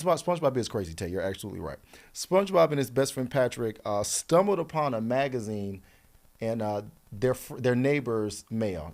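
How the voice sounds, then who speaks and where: A man's voice: medium pitch, a little mellow. Chatty man retelling a cartoon. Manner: chatty, playful retelling with quick asides to the viewer. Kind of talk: casual storytelling to camera. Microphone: camera mic.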